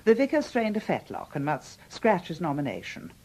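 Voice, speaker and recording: An actress playing a bossy, brusque older aunt in a radio comedy drama, commanding and tart with insults. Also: female voice, fairly low pitch, wildly swooping pitch, normal speed, darkish tone, breathy edge, full character voice.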